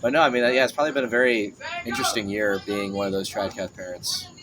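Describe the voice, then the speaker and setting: A man's voice: fairly low pitch, level tone, fast. A man in his twenties hosting a podcast, chatting casually, joking and laughing often. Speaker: podcast host. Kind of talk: casual chat. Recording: clear background noise.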